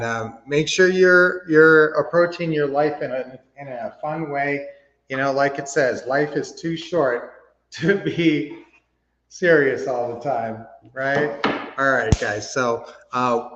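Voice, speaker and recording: An upbeat middle-aged man coaches his viewers on a livestream, speaking casually and cheering them on. His voice sits at an ordinary pitch, and the stream audio sounds a little dull and lo-fi. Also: a bit bright, in a large hall. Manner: upbeat, motivational, addresses viewers directly. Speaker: livestream host, real estate coach.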